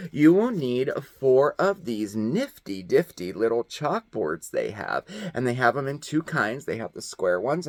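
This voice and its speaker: Upbeat man, DIY vlog host, very animated pitch, chatty. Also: no echo. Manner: chatty, upbeat, often adds "okay?". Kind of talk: casual DIY craft demonstration.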